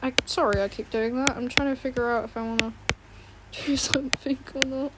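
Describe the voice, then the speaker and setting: A woman's voice: high-pitched, steady tone, moderate pace. A woman streamer chatting casually from her bedroom while drawing, rambling and giggly, often apologising. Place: home bedroom. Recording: fan noise in background. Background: fan hum.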